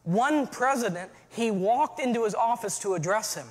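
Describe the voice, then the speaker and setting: High-voiced man preaching in an echoey hall. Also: lively intonation, moderate pace. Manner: builds from easy storytelling to shouted preaching. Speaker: pastor. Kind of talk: sermon.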